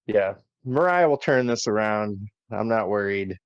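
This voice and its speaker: A man's voice: fairly low pitch, lively intonation, measured pace, smooth, dry recording. A man hosting a casual wrestling review chat, recapping unhurriedly with many fillers. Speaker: podcast host. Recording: slightly dull lo-fi recording.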